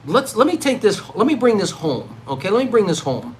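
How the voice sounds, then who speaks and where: A middle-aged man vlogging live in a rambling monologue, swinging from loud, excited outbursts to low mutters. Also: a little fast, a little hiss or hum, low-quality recording. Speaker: livestreaming vlogger.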